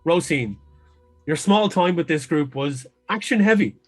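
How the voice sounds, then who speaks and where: A man's voice: on the high side, lively intonation, unhurried, faint music behind. A man narrating a tabletop game as game master, describing scenes at length and sometimes restarting phrases.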